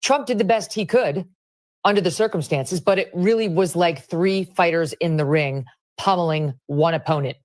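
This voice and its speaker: A woman's voice: lowish voice, moderate pace, a little mellow. A woman giving indignant, emphatic opinion commentary on a news broadcast. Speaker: political commentator.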